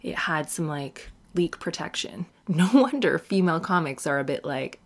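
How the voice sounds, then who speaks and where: Blunt, profane woman comedian, low voice. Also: lively intonation, normal speed, few pauses. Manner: blunt and profane, mocking men in exaggerated voices. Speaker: stand-up comedian.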